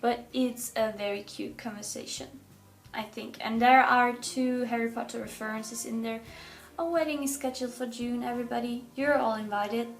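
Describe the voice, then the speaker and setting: A young woman chats to camera in a casual vlog, her voice sitting slightly high. She tells her stories with animated energy and acts out the quoted lines with sudden leaps in pitch. Soft music plays faintly under her voice. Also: normal speed. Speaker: vlogger.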